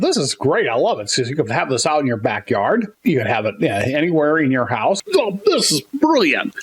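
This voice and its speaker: A man co-hosting a comedy podcast, talking in animated, rambling, mock-indignant rants. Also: fairly high pitch.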